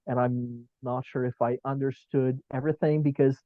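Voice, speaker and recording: A man's voice: mid-range voice, little pitch movement, normal speed, dry recording, narrow, tinny audio. A man talking as a podcast guest in casual chat, hesitant and hedging, with many filler ums.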